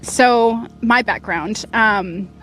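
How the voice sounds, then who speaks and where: A woman's voice: a little high, extremely slow, fairly bright tone. Young woman, rally competitor, chatty and upbeat, outdoor interview, faint background noise. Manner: chatty, upbeat, many fillers. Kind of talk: casual interview. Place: outdoors at an event finish line.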